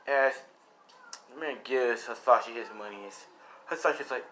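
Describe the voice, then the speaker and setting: A man's voice: mid-range voice, lively intonation, moderate pace, pushed and bright, slight background noise, rough recording. A man casually narrating a fan-made story, rambling with lots of fillers. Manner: rambling, many fillers like "you know" and "as".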